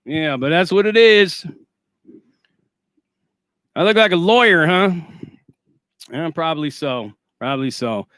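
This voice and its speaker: Male streamer, sarcastic and foul-mouthed; bright, clear voice, dry close sound. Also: fairly high pitch, lively intonation, measured pace, long pauses, no echo. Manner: profane, sarcastic and boastful. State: shaky and winded after a workout. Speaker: livestream host. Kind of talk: casual livestream rant.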